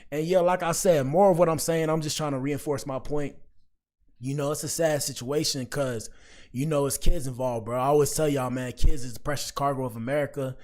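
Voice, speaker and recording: A man's voice: medium pitch, steady tone, fairly quick, darkish tone. A man talking casually to his chat as a livestream commentary host, rambling and slangy. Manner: rambling, slangy, addresses chat often with "bro".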